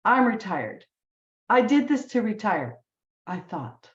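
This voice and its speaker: A woman's voice: mid-range voice, big pitch swings, takes it slowly, roomy sound, muffled recording. A woman in her sixties giving an urging motivational talk, repeating phrases for emphasis. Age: 60s. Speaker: business team leader. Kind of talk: motivational speech on a group call.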